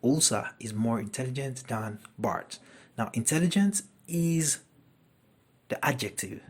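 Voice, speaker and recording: A man teaches a grammar lesson at an unhurried pace. His voice is husky and a little breathy. He walks through each example carefully and repeats it for his students. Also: mid-range voice, animated. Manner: deliberate, repeats each example sentence twice.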